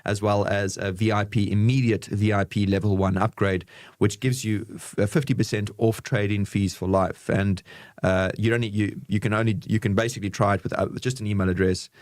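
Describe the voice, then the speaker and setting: A man's voice: steady tone, darkish tone, no room sound, studio quality. A man co-hosting a live crypto news show, talking casually and calling people bro. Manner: casual, says bro and man, quick pitch. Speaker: co-host.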